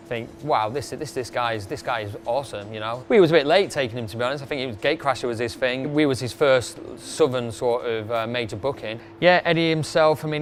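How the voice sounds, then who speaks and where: A man's voice: mid-range voice, fairly bright tone, a little hiss or hum. A man counting down his favourite club DJs in a casual, rambling way, with many fillers and restarts.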